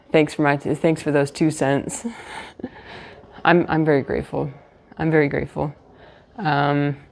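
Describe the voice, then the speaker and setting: Speaking quietly so as not to be too loud, this US woman rambles through a casual hotel-room livestream, full of fillers and false starts. Her voice sits low with vocal fry and a darkish tone.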